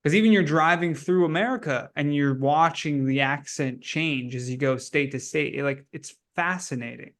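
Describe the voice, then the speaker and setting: A man's voice: fairly high pitch, moderate pace, few pauses, fairly bright tone. A young man hosting a podcast in casual chat, laughing often and agreeing with plenty of "yeah". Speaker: podcast host.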